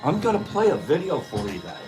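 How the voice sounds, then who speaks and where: A man's voice: on the high side, wildly swooping pitch, a little fast, mellow, faint music behind. Playful man greeting his viewers. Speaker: livestream host. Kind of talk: casual live chat.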